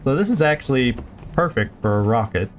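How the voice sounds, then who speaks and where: A man's voice: mid-range voice, animated, a little fast, soft background music. A man streaming a strategy game, thinking aloud through each move with plenty of fillers and restarts. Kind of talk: casual let's-play commentary.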